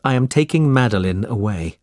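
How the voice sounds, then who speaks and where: A man's voice: medium pitch, lively intonation, a little fast, a little mellow, dry recording, studio quality, natural voice. A man voicing an earnest, brave young man in a storybook reading, urgent and sincere.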